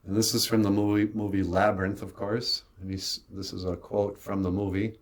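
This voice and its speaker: A cartoonist with an Ojibwe reservation accent, giving a casual, rambling studio tour with jokes and lots of fillers. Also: male voice, fairly low pitch, little pitch movement, moderate pace. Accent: Ojibwe reservation English. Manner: rambling, joking, with many fillers. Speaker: show creator and cartoonist.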